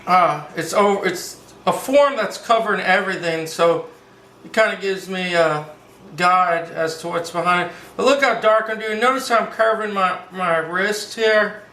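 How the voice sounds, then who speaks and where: Male drawing tutor, playful and upbeat, high bright voice, recorded in an echoey room. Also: normal speed. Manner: upbeat, playful, calls things "baby", breaks into little sung bits. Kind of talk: casual step-by-step drawing lesson.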